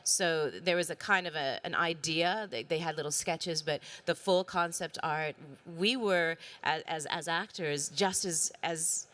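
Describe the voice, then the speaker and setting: A woman with a very low voice for a woman speaks on a panel stage. She is animated and excitable and jumps quickly into enthusiasm. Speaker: voice actress panelist. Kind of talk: casual panel chat.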